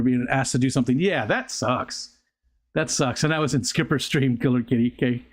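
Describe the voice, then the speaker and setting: Rambling older man chatting on a livestream. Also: medium pitch. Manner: rambling, halting, with frequent restarts and fillers. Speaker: livestream host. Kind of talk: casual live chat reading viewer comments. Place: outdoors near a pond.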